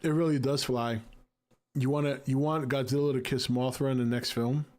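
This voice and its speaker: A man's voice: mid-range voice, fairly even intonation, normal speed, a little mellow. Laid-back man reading live chat. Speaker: livestream host reading chat. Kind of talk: casual chat.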